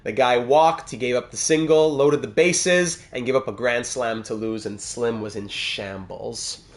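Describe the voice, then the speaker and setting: A man's voice: mid-range voice, a little slow. A man hosts a live gaming stream from his computer at home, speaking in a mid-range, ordinary voice. He keeps an upbeat, chatty tone as he welcomes viewers one by one and responds to their comments. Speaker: live-stream host of a hockey video game series. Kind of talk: casual pre-stream chat, greeting viewers and reading live comments.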